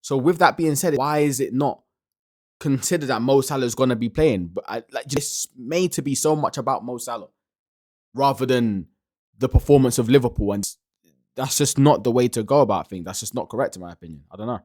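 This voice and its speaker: Man, podcast reaction, emphatic, halting restarts, dry close sound. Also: mid-range voice, a little mellow, no room sound. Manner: emphatic, restarts often, says "bang on" and "like". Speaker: podcast host reacting to a clip. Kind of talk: casual reaction commentary.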